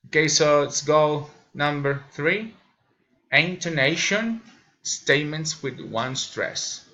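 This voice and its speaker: A man who speaks Spanish as his first language, slowly reading English pronunciation drills aloud as a lesson presenter. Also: fairly high pitch, lively intonation, bright, forceful tone, dull audio. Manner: slow, deliberate reading of example sentences.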